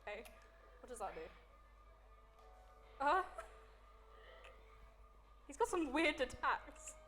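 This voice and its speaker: A young woman, a student guest, playing a game and chatting excitedly with giggles. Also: high-pitched, drawn-out words, soft background music.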